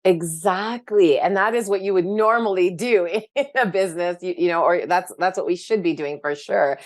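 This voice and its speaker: A woman's voice: on the low side, moderate pace. A woman, a guest speaking frankly and with animation about her own past, with many fillers. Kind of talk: candid personal story in interview.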